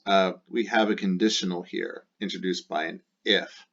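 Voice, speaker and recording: A man's voice: deep voice, normal speed, vocal fry, few pauses, a bit bright. A man teaching Latin, working methodically through exercise sentences step by step, with frequent fillers. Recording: dull lo-fi recording.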